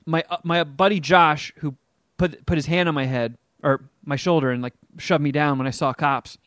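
A middle-aged man casually telling a story on a podcast, animated and acting out the people he quotes. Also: moderate pace, no echo, studio quality. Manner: animated, acts out quotes with big pitch jumps.

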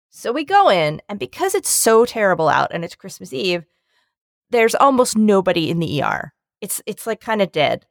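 A woman telling a funny story in a casual chat, her pitch swinging widely as she acts out each person in it. The recording is dry and close. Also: no room sound. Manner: animated storyteller, acts out quoted voices.

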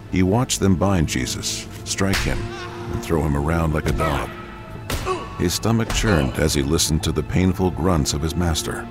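Brief: very deep male narrator, scripted audio drama, grave and measured, music bed underneath.

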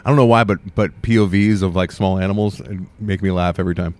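A man's voice: sits low, fairly even intonation, quick pace, darkish tone. A middle-aged man co-hosting a casual podcast chat, rambling with lots of filler words. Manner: rambling, full of "like". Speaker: podcast co-host.

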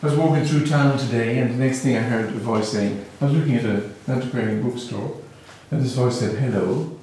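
Irish male speaker, Gaelic native, gentle storyteller, reflective talk to a live audience, distant mic, faint hiss. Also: mid-range voice, a little fast. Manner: musing, storytelling, gently humorous. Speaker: speaker on spiritual teaching. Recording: very echoey hall, mic far off.

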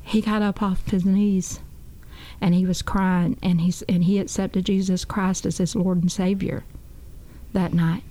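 A woman's voice: lowish voice, flat delivery, a little slow, warm tone. A woman guest on a talk show, telling her testimony in an earnest, folksy way and often repeating "I said.". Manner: earnest, folksy storytelling with a lot of "I said".

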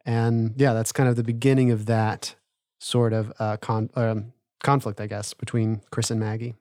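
A man's voice: lowish voice, level tone, normal speed, darkish tone, no room sound, studio quality. A man co-hosting a podcast, recapping a TV episode casually with filler words. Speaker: podcast co-host.

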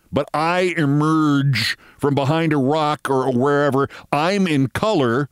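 A man's voice: a little high, moderate pace, few pauses, no echo, clean studio sound. A middle-aged man hosting a show, telling a long story in a wry, sardonic way and acting out both sides of the conversation. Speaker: host. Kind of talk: storytelling monologue.

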